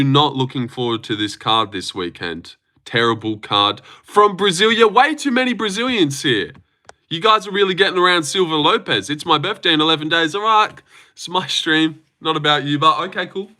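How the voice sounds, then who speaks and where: A man's voice: fairly high pitch, big pitch swings, normal speed, bright, forceful tone. A young man hosting a casual livestream, teasing his chat with self-mocking banter. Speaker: livestream host.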